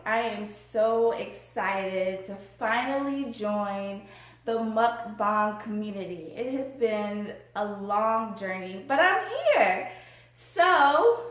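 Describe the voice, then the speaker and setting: A woman hosting a casual eating vlog who talks in a bubbly, excited way between bites. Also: on the high side. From Tampa, Florida area. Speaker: mukbang vlogger. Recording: echoey room.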